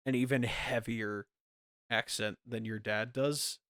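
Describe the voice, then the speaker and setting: Man, podcast co-host, casual chat, animated, laughing, mid-pitched, dry close sound. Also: slow, smooth, dry recording. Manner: animated storytelling, laughs often.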